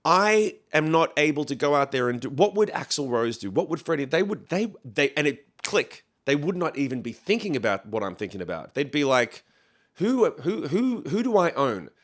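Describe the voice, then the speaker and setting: A man in a casual podcast chat, a singer-songwriter telling animated stories. He acts out other people's lines and swears freely. His voice sits in a middle register. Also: medium pitch, brisk, hardly any pauses.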